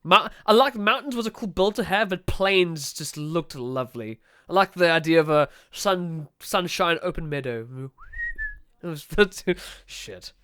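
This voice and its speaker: A man with a South African accent hosting a casual podcast chat, chatty and laughing often, swearing freely with quick asides. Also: a little high, lively intonation, pushed and bright, no room sound. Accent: South African English. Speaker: podcast host.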